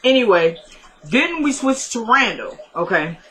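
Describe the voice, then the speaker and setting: A woman with a bright, forward voice recaps a TV episode in a loose, chatty way. She is opinionated and keeps breaking off into quick asides and jokes, as if talking straight to her regular viewers. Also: a little high, sing-song, rough recording. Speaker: TV episode reviewer. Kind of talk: casual episode recap with commentary.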